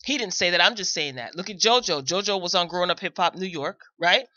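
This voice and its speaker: The host of a live commentary show talks chattily to viewers, emphasizing points by repeating phrases. She has a lowish, pushed, bright voice and speaks fairly quickly. There's no echo, but the audio sounds dull.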